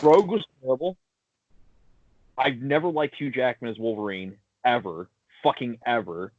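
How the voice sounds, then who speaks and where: A man co-hosting a casual podcast chat, swearing freely and giving blunt, animated opinions. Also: mid-range voice, a little hiss or hum. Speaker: podcast co-host. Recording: dull lo-fi sound, dry.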